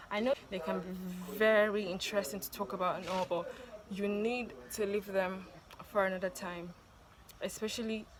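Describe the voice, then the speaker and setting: Woman, mid-pitched, casual advice vlog to camera, repeats warnings, light background noise. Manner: chatty, repeats warnings with "okay?" and "please". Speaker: vlogger giving dating tips.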